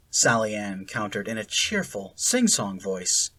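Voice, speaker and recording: A reader narrating a fan fiction chapter in a measured storytelling voice. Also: mid-range voice, very animated, pushed and bright, husky.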